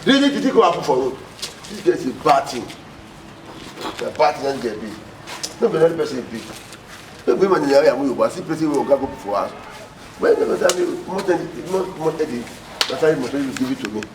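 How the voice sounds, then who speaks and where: A man's voice: medium pitch, big pitch swings, a little fast, pauses often, close to an everyday voice. A man with a Nigerian accent playing a suspicious, agitated man who repeats his words and slips into pidgin, in a family film. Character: suspicious agitated man accusing a woman of witchcraft. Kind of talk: Nollywood film acting. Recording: echoey room, mic far off, noisy.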